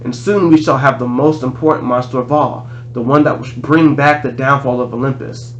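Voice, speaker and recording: A man reading aloud, voicing a monster posing as a male teacher, slow and sinister. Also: medium pitch, steady tone, lo-fi sound, a little hiss or hum, lightly acted. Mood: menacing.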